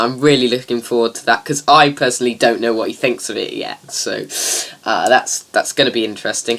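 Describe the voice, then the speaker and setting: A man's voice: fairly high pitch, pushed and bright. A man hosting a fan review show, chatty and upbeat with lots of ums and uhs. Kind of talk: casual review vlog.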